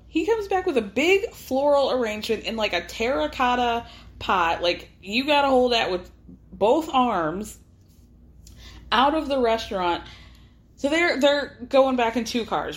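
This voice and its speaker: A woman hosting a podcast, recapping a reality show in a casual, chatty way and acting out the quotes. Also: mid-range voice. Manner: chatty, acts out quotes with laughs. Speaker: podcast host.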